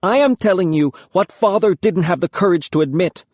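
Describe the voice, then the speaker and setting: A man reading an audiobook, voicing a desperate, defiant young boy with a shrill, cracking voice. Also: a little fast, darkish tone, no echo. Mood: bitter accusing.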